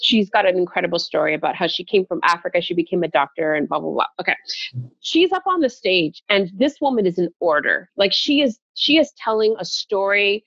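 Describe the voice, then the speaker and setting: A woman guest speaker telling an expressive story in conversation, laughing as she goes. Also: fairly low pitch, fairly quick, dry recording. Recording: dull, dry, muffled sound.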